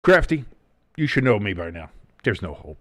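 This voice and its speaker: Man, live game commentary, lively swooping pitch, dry close sound, casual, profane. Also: normal speed, no room sound. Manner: casual and profane, reads the chat. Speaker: watch-along host.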